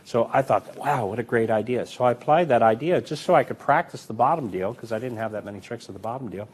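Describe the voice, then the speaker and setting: A man teaching card magic in a relaxed, chatty way, full of fillers and restarts while he demonstrates. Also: mid-range voice, fast, husky. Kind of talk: demonstrating and explaining card technique.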